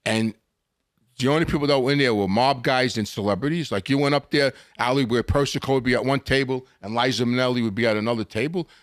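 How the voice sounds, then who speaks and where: A man's voice: medium pitch, quick pace, no room sound, clean studio sound. Older New man telling mob stories. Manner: animated storyteller acting out quotes, frequent restarts. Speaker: guest. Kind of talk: storytelling interview.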